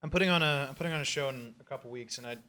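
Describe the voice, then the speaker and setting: A man hosting a comedic interview, deadpan and insistent, quick to take offense. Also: mid-range voice, a little hiss or hum. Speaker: interview host.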